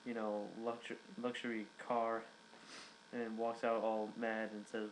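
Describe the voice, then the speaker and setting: Young male reviewer, rambling casual recap, low monotone voice. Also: normal speed, slight background noise, poor audio. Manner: rambling, many fillers and restarts. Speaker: wrestling reviewer.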